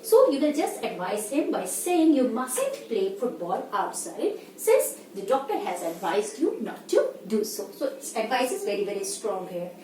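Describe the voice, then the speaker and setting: A woman's voice: medium pitch, big pitch swings, normal speed, hardly any pauses, dark tone. A woman teacher with an Indian English accent, explaining grammar in a lesson and often asking "fine?" to check understanding. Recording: echoey room, voice from the mic's distance, faint hiss.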